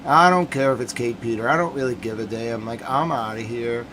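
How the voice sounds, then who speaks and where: A man hosting his own nightly stream, speaking at an ordinary pitch in an upset, rambling rant. He circles back over the same points and swings from low mutters to loud outbursts. A clear hiss of noise runs under his voice throughout. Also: fairly quick. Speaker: host of a nightly news recap stream. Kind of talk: casual livestream rant.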